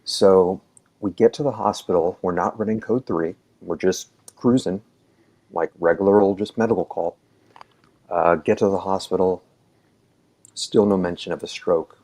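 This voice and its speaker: A man's voice: low voice, moderate pace, warm tone. A man casually telling a long personal story on a podcast, full of "um"s and restarts, acting out what people said. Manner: rambling, filler-heavy, acts out quoted dialogue. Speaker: EMT telling his story.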